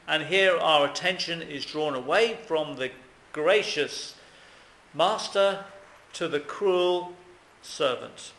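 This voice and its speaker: A man's voice: a little high, slow pace, fairly bright tone, roomy sound, poor audio. A man preaching a sermon, earnest and emphatic, often asking questions of his listeners.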